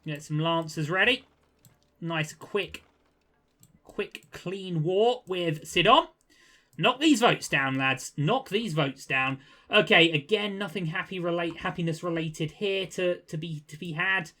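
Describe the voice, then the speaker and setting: A young man giving casual gameplay commentary, chatty and quick to get exasperated, with jokey asides. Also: high voice, pushed and bright. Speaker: gaming video creator.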